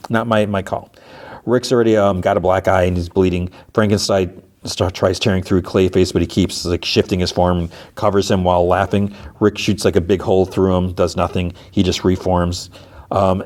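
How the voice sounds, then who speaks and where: A man's voice: deep voice, a little mellow. A man hosting a podcast, casually recapping episodes in a rambling way with many restarts. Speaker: podcast host.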